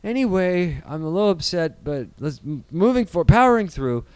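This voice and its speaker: Rambling, sarcastic man with a smooth voice. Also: sits high, lively intonation, moderate pace, darkish tone, no echo. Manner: rambling, sarcastic, swears a lot. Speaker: co-host of a movie news show. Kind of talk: casual profane banter.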